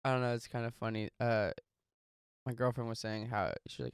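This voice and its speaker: A man co-hosting a casual podcast, joking and animated, laughing easily. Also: mid-range voice, fairly quick, clean tone, no echo, studio quality. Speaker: podcast co-host. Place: home studio.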